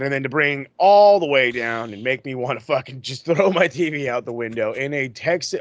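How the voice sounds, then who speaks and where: A man hosting a podcast, recapping in a casual, excitable, profane way that rambles. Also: medium pitch, normal speed, few pauses, no room sound, dull audio. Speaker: podcast host.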